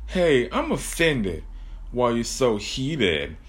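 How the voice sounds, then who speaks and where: A man's voice: mid-range voice, very animated, takes it slowly. A man voicing a terrified young female college student who begs not to be killed. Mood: pleading. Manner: whiny, pleading.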